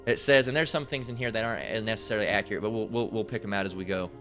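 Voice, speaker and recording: A man's voice: lowish voice, steady tone, rapid-fire, fairly bright tone, soft background music. A man preaching over a Bible passage in a crude, profane rant. He stammers, restarts often and keeps asking "right?". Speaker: street preacher.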